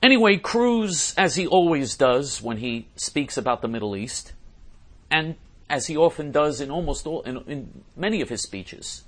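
A man with a somewhat high voice delivers a ranting commentary monologue. He hammers his points home, repeats and restarts phrases, and clears his throat now and then. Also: big pitch swings, normal speed. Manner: emphatic and repetitive, often clears throat. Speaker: political commentator.

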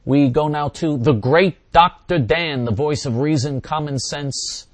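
An older man hosts a talk radio show, answering listeners in an emphatic, repetitive monologue that hammers points again and again. His voice is a little high and unhurried, with no echo.

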